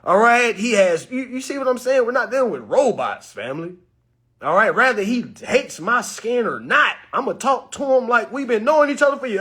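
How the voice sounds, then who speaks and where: Animated husky-voiced young man telling a story. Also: normal speed. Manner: acts out quotes with sudden high-pitched bursts and laughs. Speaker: storyteller addressing an audience.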